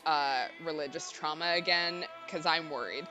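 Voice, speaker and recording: A woman's voice: low voice, moderate pace. A young woman streamer chatting casually and nervously while playing a game, babbling with lots of fillers. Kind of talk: casual let's-play chat. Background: game music.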